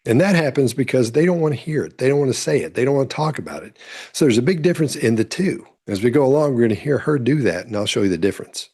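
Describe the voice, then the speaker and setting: A man explains behavior cues in a calm, teaching tone. His voice is gravelly with a husky edge. He speaks like a commentator walking viewers through footage. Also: medium pitch, fast talker. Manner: explanatory, instructive. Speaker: body language analyst. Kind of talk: commentary over courtroom clips.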